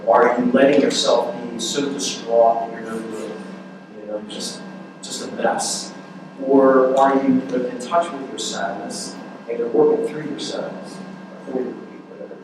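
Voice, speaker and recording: A man leads a relationship workshop in an earnest, conversational way, often restarting sentences. His voice sits in the middle of the male range. He is heard from a distance in a strongly echoing room with clear background noise. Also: mid-range voice. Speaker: workshop speaker. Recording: echoey room, mic far off, noisy.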